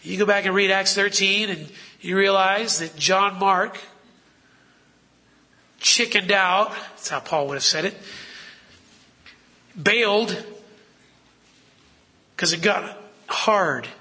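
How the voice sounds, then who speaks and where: A man's voice: high-pitched, takes it slowly, long pauses, sharp tone. A man preaching a sermon in a conversational way, asking the listeners rhetorical questions.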